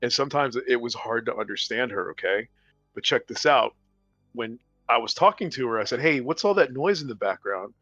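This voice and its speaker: A man's voice: mid-range voice, brisk, dry recording. A man hosting a gaming podcast, casually telling a rambling anecdote while a game plays. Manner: rambling, animated anecdotes with laughs and put-on quotes. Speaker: podcast host and game commentator. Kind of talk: casual chat and storytelling over gameplay. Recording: dull, dry lo-fi mic with game music.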